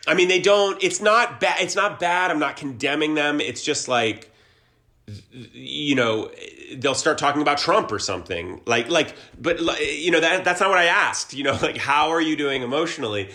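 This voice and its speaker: A man's voice: fairly high pitch, animated, moderate pace, sharp tone. A man in his forties, from Ohio, talking earnestly and reflectively as an interview guest, often restarting his sentences. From Columbus, Ohio. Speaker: guest, actor and musician. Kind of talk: casual conversational interview.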